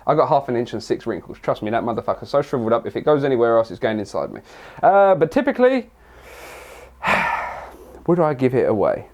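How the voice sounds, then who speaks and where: A man's voice: medium pitch, very animated, fairly quick, pauses often, darkish tone, highs cut off. A young English man answering viewer questions in a casual vlog, rambling and crude with lots of jokes. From England. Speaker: fitness vlogger.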